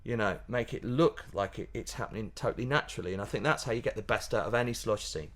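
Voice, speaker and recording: A man, a pantomime comedian chatting as a guest in a casual interview, animated and laughing, often restarting his sentences. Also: on the low side, quick pace. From Yorkshire, England.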